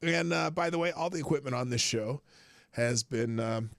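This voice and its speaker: A mid-range male voice with vocal fry, at normal speed, hosts a casual livestream from a small home studio, rambling, swearing, and chuckling often. He uses headphones and a desk mic, and the recording is dry.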